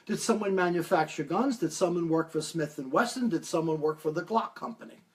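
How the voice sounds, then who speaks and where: Animated man with a high voice. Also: fairly quick. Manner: animated storytelling, acts out quoted voices. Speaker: medium. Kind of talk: live-stream talk answering viewer questions.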